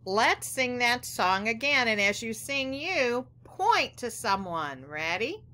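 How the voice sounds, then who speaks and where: A woman teacher giving a phonics lesson, speaking gently and directly to young children. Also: a little high, sing-song, slow.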